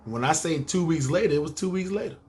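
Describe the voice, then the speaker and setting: A man's voice: fairly high pitch, fast talker, darkish tone, a little hiss or hum. A man in his thirties with a New York accent, telling a story from his life in a casual, profane podcast style full of street slang. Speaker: podcast host.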